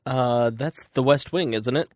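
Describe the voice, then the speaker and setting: A man co-hosting a casual podcast, explaining things at length in a steady storytelling way. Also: medium pitch, measured pace, no echo, clean studio sound. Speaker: podcast co-host. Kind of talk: casual chat.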